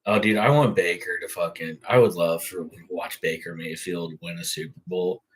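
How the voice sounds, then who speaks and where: A man's voice: sits low, steady tone, moderate pace, slight background noise, poor audio. A young man hosting a casual sports talk show, rambling and swearing freely. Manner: profane, rambling. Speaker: host.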